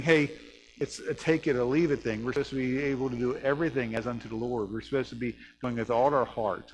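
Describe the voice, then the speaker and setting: A man, a pastor, preaching a sermon in a church, earnest, with rising emphasis and slowed key lines. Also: medium pitch, rough recording. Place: church sanctuary.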